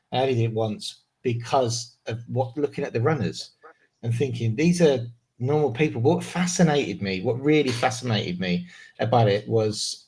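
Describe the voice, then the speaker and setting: Male podcast host, keen and talkative, mid-pitched everyday voice. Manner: enthusiastic, chatty, laughs often. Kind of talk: casual interview chat.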